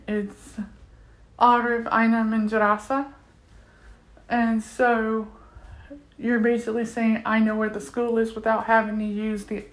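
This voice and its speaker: A woman talking casually about a language course she enjoys, with plenty of fillers and restarts. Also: mid-range voice. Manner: chatty, many fillers and restarts. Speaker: language learner reviewing a course. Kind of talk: casual spoken review.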